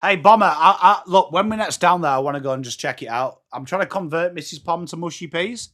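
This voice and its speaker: Chatty English host for a live footy watchalong: high, bright voice, bouncing between play calls and viewer chat. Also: male voice, expressive, quick pace. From England.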